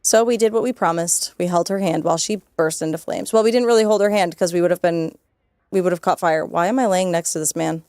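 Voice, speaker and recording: A woman's voice: on the low side, fast talker, darkish tone, dry recording, clean studio sound. A young woman streaming a game, commenting casually, swearing, giggling, and getting emotional.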